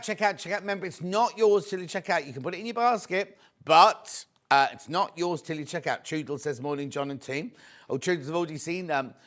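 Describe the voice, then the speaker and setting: A man presenting on a shopping channel, chatting warmly with viewers and urging them again and again to check out. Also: a little high. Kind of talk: live TV selling chat.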